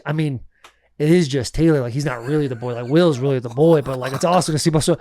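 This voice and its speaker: A man's voice: fairly high pitch, fast. A man co-hosting a podcast, telling stories in casual chat and acting out what people said, cursing freely. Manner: animated storyteller acting out quotes, swears freely. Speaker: podcast co-host.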